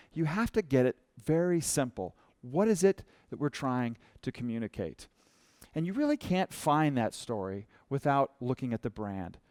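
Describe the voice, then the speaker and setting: A man's voice: mid-range voice, a little mellow, no echo, studio quality. A man giving a talk as a writer in the experience design business. He tells personal stories in a conversational way and acts out the lines of the people in them. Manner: conversational storyteller who acts out quoted dialogue. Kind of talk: storytelling presentation talk.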